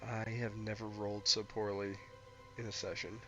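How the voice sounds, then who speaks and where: A man's voice: lowish voice, level tone, moderate pace, lo-fi sound, music in the background. A man playing in a tabletop role-playing game, speaking in an easygoing, plain-spoken way as his character and as a player. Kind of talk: in-character play and table chat.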